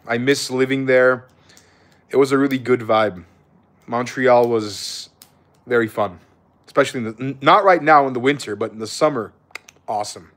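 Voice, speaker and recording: A man's voice: medium pitch, a bit bright. A young man talking loosely to his viewers on a live stream. He is laid-back and swears casually, throwing "bro" into nearly every thought.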